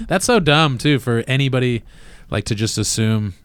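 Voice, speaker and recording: A man's voice: medium pitch, animated, normal speed, clean tone, no room sound. A man hosting a casual podcast chat, rambling, laughing often and trailing off mid-thought.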